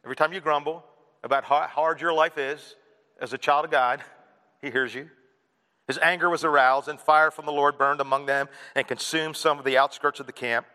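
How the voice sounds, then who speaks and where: A man preaching a sermon to his congregation, animated and playful, acting out whiny kids and an annoyed parent. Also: on the high side, a little fast. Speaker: pastor. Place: church hall. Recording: reverberant hall.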